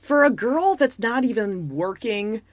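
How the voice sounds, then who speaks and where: A woman's voice: a little high, expressive, a little slow, no echo. A woman co-hosting a casual reality show recap, blunt and snarky, mocking the people she talks about. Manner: snarky, blunt, acts out quotes in mocking voices. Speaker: podcast co-host.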